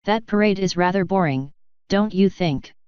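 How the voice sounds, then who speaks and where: A woman's voice: medium pitch, moderate pace, clean tone, no room sound, lo-fi sound, natural voice. A woman voicing a jealous, scheming young changeling princess in a fanfiction audiobook reading. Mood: sly.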